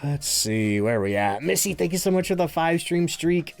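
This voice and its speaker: A man's voice: fairly high pitch, animated, a little fast, gravelly. A man streaming live, chatting casually, reading chat aloud and thanking subscribers, often laughing. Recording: faint game music behind the voice.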